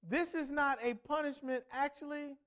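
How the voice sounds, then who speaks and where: Middle-aged male pastor with a very high voice, delivering a storytelling sermon with emphatic dynamics. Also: steady tone, moderate pace. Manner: storytelling, emphatic swings between loud and soft.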